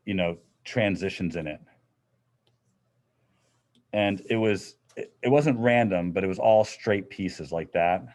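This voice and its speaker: A middle-aged man teaching a physics class in a classroom, explaining in a casual, conversational way. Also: lowish voice. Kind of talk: classroom lecture.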